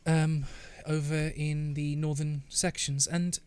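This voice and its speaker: A man's voice: fairly high pitch, little pitch movement, takes it slowly, darkish tone, smooth. A man voicing a courteous young human woman on the staff of a masquerade party. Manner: courteous, formal.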